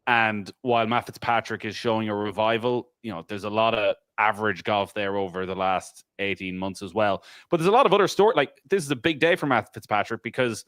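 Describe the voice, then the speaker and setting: Lowish-voiced man chatting about golf. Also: fairly quick, few pauses, a bit bright, no room sound, clean studio sound. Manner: chatty storyteller, mimics crowd voices. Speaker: golf podcast panelist. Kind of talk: casual panel chat.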